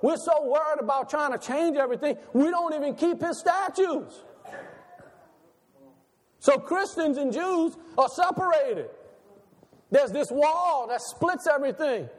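Male pastor, very high voice, animated sermon delivery with a long hall reverb. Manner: animated preaching, rhetorical questions, laughs between lines.

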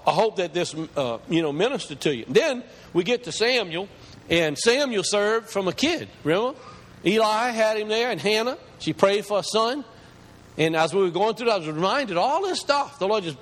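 A male pastor preaches with a high, strongly varied voice that climbs as he presses his points. His words ring out with a long reverb, as if in a large church hall. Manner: impassioned preaching, rising pitch as he builds. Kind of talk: sermon.

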